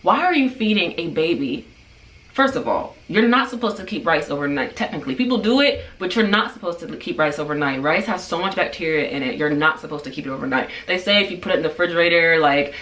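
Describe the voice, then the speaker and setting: A chatty woman in her twenties tells a story for her vlog, animated and full of "like." Her voice sits on the low side. She is heard from a distance in an echoing room. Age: 20s. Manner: animated, chatty, heavy use of "like". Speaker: hairstylist and vlogger. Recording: echoey room, far from mic.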